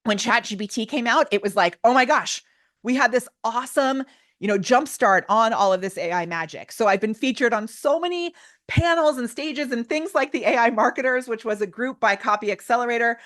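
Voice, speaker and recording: A woman in her thirties leads a live online workshop over a video call, her voice sitting slightly high for a woman. She talks with theatrical, over-the-top enthusiasm, like a former stage performer. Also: animated, brisk, a bit bright. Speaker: workshop presenter. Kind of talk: live webinar teaching.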